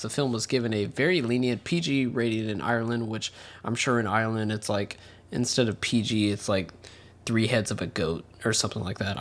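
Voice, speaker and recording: A man co-hosts a relaxed movie podcast at an ordinary mid pitch. He rattles through trivia and cast lists with dry jokes. Now and then he drops into quick silly voices. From United States. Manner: jokey, reads trivia, slips into quick silly impressions. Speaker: podcast co-host. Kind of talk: casual film podcast chat.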